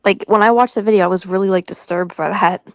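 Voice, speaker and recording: A woman's voice: mid-range voice, steady tone, fast talker, a little hiss or hum. A woman in a casual podcast chat, speaking frankly with many "like" fillers.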